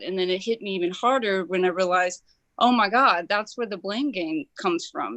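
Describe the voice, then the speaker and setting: A woman's voice: mid-range voice, no echo. Female caller, Kentucky origin, eager and rambling, dry close sound. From Kentucky, USA. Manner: excited, tumbling, many fillers. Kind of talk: call-in sharing a personal story.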